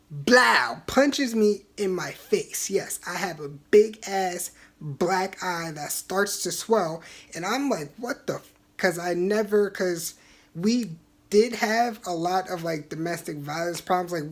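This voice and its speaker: A young man in his twenties vlogging, telling a personal story in a candid, blunt way, swearing freely and acting out what was said. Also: sits high. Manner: animated, acts out remembered exchanges.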